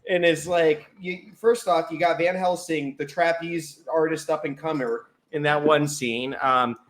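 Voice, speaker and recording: A man's voice: fairly high pitch, steady tone, measured pace. A man co-hosting a casual movie review podcast, rambling and wisecracking with enthusiasm. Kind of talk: casual chat.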